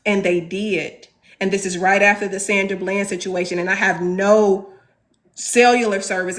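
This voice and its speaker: A woman from Chicago's South Side in her thirties, earnestly telling a class a personal story and pausing on rhetorical questions. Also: medium pitch, fairly even intonation. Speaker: teacher leading a class discussion.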